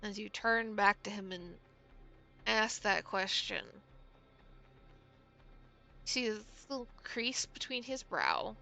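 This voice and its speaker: A woman narrating a tabletop game as game master, setting the scene slowly and deliberately. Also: medium pitch, big pitch swings, gravelly, pushed and bright, faint music behind, low-quality recording.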